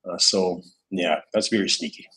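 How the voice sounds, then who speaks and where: A man hosts a casual livestream in a deep, husky voice. He rambles along with plenty of fillers and false starts, reading out viewers' comments as he goes. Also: normal speed, pushed and bright, poor audio. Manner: rambling, many fillers and restarts, reads chat comments aloud. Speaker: crypto livestream host.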